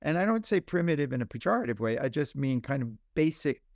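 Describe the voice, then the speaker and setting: A man who is a pediatrician, a guest on a podcast interview, explaining ideas in an animated way with examples. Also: medium pitch, fast talker, no echo, studio quality.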